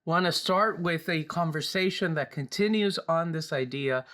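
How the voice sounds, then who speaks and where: A man's voice: fairly high pitch, moderate pace. A man hosting a church Sabbath School program, chatting casually with a co-host and making announcements, often repeating and restarting his phrases. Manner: warm, joking, restarts phrases. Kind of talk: church program talk and prayer.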